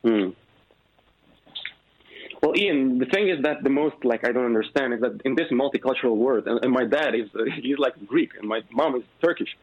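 Young male caller, Russian accent, hesitant and halting; muffled phone-line sound. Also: medium pitch, husky. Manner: hesitant, filler-heavy, searching for words. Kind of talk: phone-in chat.

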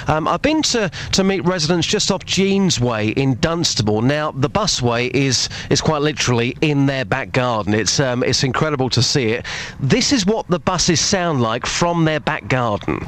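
A man's voice: mid-range voice, lively intonation, moderate pace, fairly bright tone, a little hiss or hum. A man reporting from the field for radio news, interviewing a resident in a friendly, coaxing way.

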